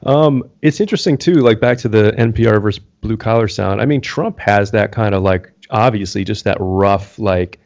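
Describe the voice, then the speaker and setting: A man's voice: on the low side, normal speed, few pauses, darkish tone. A man co-hosting a podcast in casual chat, reflective and often searching for his words. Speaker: podcast co-host. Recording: slightly dull lo-fi audio.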